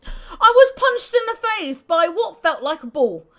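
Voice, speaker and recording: A woman's voice: very high voice, sing-song, a little slow, fairly bright tone, pitched above the performer's own voice, heavily acted. A woman voicing a boastful old male ex-thief in a grungy put-on accent, reminiscing in a video game.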